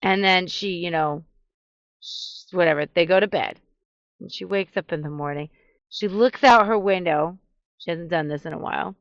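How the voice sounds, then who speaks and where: A woman vlogger telling a story in a chatty, animated way, full of casual fillers. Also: lowish voice, moderate pace, no echo, lo-fi sound. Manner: chatty, animated, many "you know" fillers. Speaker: vlogger giving relationship advice.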